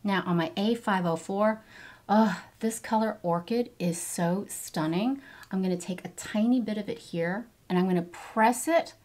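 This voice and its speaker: A woman's voice: medium pitch, darkish tone. A woman in her fifties doing a get-ready-with-me makeup tutorial, gushing enthusiastically over each product as she applies it. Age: 50s. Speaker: beauty vlogger.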